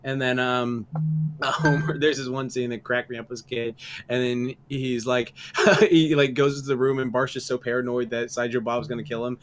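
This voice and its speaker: A man's voice: medium pitch, brisk, slight background noise. A young man co-hosting a podcast, chatting casually and retelling scenes with lots of laughter. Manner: laughing, animated storytelling. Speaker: podcast co-host. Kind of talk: casual chat.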